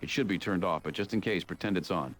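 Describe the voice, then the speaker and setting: An actor playing a calm male leader who gives steady, clear instructions. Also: deep voice, quick pace, a little hiss or hum.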